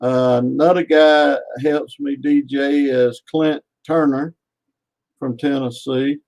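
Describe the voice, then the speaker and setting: Slow-talking guy on the radio, kinda halting, lots of uhs. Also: mid-range voice, steady tone, vocal fry, a little mellow. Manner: halting, many uh fillers. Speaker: radio DJ guest. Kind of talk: casual interview chat.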